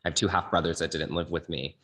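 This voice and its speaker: A man's voice: low-pitched, fast. A man from the Bay Area, a guest singer-songwriter, earnestly telling his life story in an interview. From California, Bay Area. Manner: earnest, animated retelling with acted quotes.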